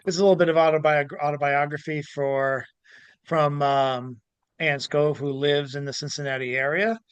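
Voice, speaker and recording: A man hosting a casual podcast, animated, laughing easily and stumbling over words as he chats and reads aloud. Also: fairly high pitch, normal speed, clean tone, no room sound, muffled recording. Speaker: podcast host. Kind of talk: casual chat and reading aloud.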